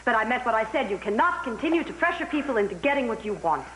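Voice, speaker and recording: An actress playing the gentle but firm wife of a pushy patriarch in a soap opera, calm and soothing. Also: female voice, a little high, fast talker, a little hiss or hum, rough recording. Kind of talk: television soap opera acting.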